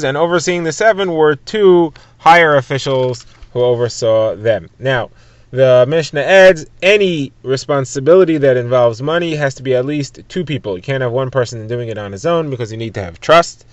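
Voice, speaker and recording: A man's voice: mid-range voice, no room sound. A man teaching a daily Talmud lesson, retelling it conversationally and glossing Hebrew terms in English. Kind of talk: daily Talmud lesson, explained for listeners driving.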